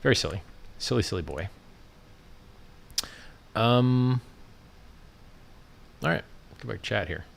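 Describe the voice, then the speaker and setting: A man's voice: lowish voice, lively intonation, slow pace, creaky, pauses often. A man hosting a casual livestream, talking in a brash, mocking, ranting way as he scrolls and comments. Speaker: livestream host.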